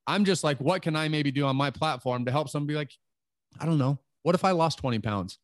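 A man's voice: fairly high pitch, fast, no room sound, clean studio sound. A man in his late thirties hosting an interview, talking earnestly in a rambling way full of "like" fillers. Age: 30s. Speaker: podcast host. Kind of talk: casual interview chat.

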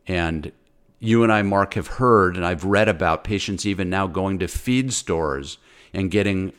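A deep-voiced man ranting with heated insistence on a talk show. He is a physician, and his speech is forceful and repetitive, with stumbles and restarts as he drives each point home. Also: a little slow, clean tone. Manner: angry, insistent, repeats words. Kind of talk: impassioned talk-show rant.

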